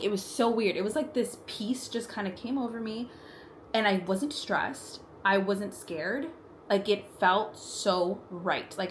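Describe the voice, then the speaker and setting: A woman's voice: on the low side, fairly bright tone, a little hiss or hum. A young adult woman vlogger telling a personal story in casual chat while doing her makeup, talking in a chatty way with frequent "like" fillers, at home in her apartment.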